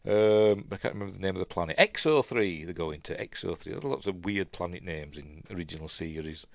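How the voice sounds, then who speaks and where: Yorkshire man, low voice, dry close sound, chatty rambling live commentary, lots of ums. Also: fairly quick, creaky, dry recording. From Yorkshire, England. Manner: rambling, chatty, lots of fillers, self-correcting. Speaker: host. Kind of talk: casual live commentary while watching.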